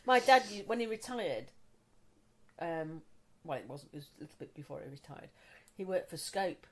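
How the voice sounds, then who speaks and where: A middle-aged woman co-hosting a casual podcast chat, swearing freely and laughing loudly. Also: sits low, sing-song, normal speed. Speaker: podcast co-host.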